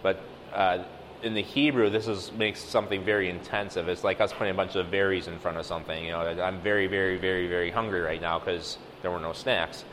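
A man's voice: low voice, fairly even intonation, a little fast, fairly bright tone, big-room sound, slight background noise, low-quality recording. A man teaching a casual sermon, talking through a passage with many fillers and acting out quoted dialogue. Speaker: lay preacher.

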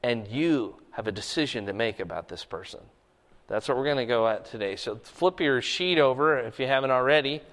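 A man's voice: mid-range voice, animated, fairly quick, fairly bright tone. A man preaching a sermon, reading scripture and explaining it conversationally, often checking in with "okay?". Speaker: pastor. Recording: echoey hall.

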